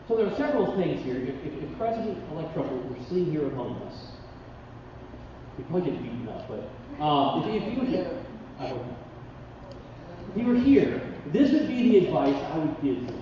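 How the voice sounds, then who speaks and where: A man preaching a sermon, reading scripture with dramatic pauses and chatting with the congregation between passages. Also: fairly high pitch, slight background noise. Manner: expressive Bible reading, dramatic pauses, conversational asides. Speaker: pastor. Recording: distant mic in a reverberant hall, dull sound.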